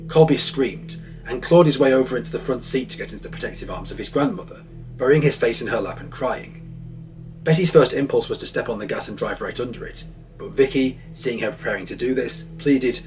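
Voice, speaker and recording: A man narrating an audio documentary in a vivid, dramatic storytelling voice. His pitch sits in the ordinary middle range, and soft music plays faintly beneath him. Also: brisk.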